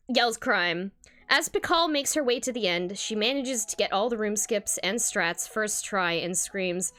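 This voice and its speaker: A woman's voice: medium pitch, expressive, unhurried, bright, forceful tone. A woman streamer reading fan fiction aloud, laughing often and gushing with praise. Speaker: streamer host.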